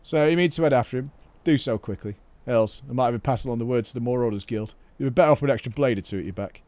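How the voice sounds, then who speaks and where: A man voicing a matter-of-fact male gate guard in a video game, speaking low and brisk. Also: darkish tone, no room sound, close to an everyday voice.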